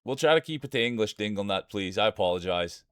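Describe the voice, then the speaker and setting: A man's voice: fairly low pitch, lively intonation, fast, fairly bright tone, smooth, no room sound, studio quality. A man with a Canadian accent streaming live, greeting his chat by name and joking through marble race commentary. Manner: chatty, greets viewers by name, jokey.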